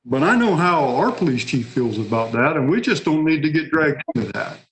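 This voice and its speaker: A man's voice: a little high, expressive, fairly quick, rough recording. A man speaking at a public policy meeting, conversational and hedging, acting out what others might say. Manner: conversational, hedging, acts out quotes.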